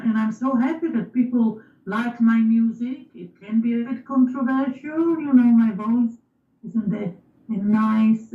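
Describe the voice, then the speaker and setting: A woman musician being interviewed, polite and a little hesitant, with a slightly rough-edged voice. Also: medium pitch. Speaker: musician guest. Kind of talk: interview over a phone line. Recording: tinny, echoey phone line from far off.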